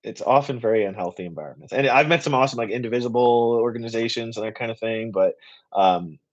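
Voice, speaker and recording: Man, live stream host, passionate rambling delivery, mid-pitched voice, slightly muffled lo-fi sound. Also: fast. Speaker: political writer and activist host.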